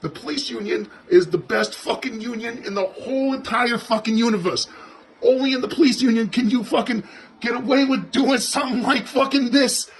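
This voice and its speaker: A man's voice: very high voice, normal speed, slight background noise. A man playing a crude, foul-mouthed police officer, ranting sarcastically and profanely as he comments on video footage.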